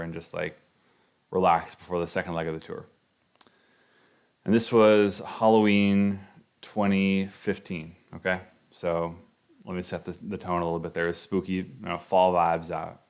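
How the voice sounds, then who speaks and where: Deep-voiced man telling a story on air. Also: little pitch movement, normal speed, smooth. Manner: rambling, conversational, many fillers. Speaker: radio show host. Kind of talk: casual storytelling monologue.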